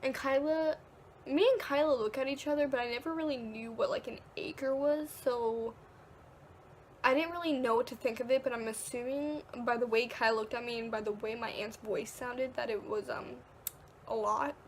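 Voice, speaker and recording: A woman's voice: a little high, fairly even intonation, moderate pace, slight background noise. A teenage girl vlogging, casually telling a story, full of "like" and acted-out quotes. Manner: chatty, peppered with "like", acts out quotes.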